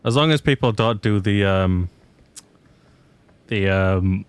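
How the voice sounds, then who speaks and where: A young man chats casually while playing a game on stream, rambling and putting himself down. His voice is low and smooth, recorded close and dry. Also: takes it slowly, no room sound. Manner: chatty, rambling, self-deprecating. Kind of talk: casual gameplay commentary.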